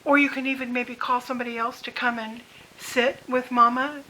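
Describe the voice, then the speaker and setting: A woman's voice: fairly high pitch, flat delivery, moderate pace, sharp tone, rough recording. A woman in her fifties telling a candid vlog story about caring for her mother, frank, swearing freely and laughing as she rants.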